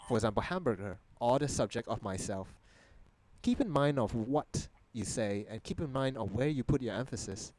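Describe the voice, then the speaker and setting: Young Malaysian man, Mandarin native, mid-pitched, dry close sound, lecturing host on a video call. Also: darkish tone, no room sound, rough recording. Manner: lecturing, asks the audience rhetorical questions. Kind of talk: casual explanatory talk on a video call.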